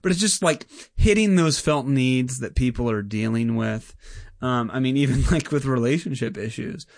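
A man's voice: mid-range voice, expressive, normal speed, gravelly, dry recording, studio quality. A man who is a pastor, talking casually and earnestly about his church's outreach, with many fillers like "like" and "I mean". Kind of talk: casual conversation.

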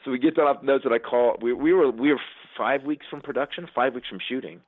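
A man's voice: mid-range voice, fast, no room sound, narrow, tinny audio. A man in a casual interview, telling stories and acting out the voices of the people in them. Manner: animated storyteller, acts out quotes. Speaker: guest comedian.

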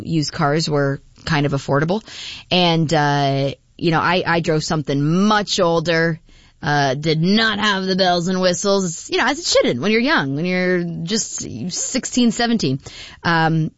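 A woman's voice: lowish voice, dry recording, muffled recording. A woman hosting a morning radio show, chatting casually and laughing as she reads listener texts. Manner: chatty, laughing, with frequent fillers.

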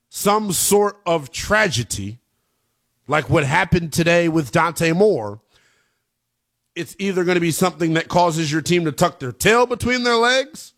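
A man hosting a college football radio show, energetic and slangy, with quick hype and asides. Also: high-pitched. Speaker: sports radio host.

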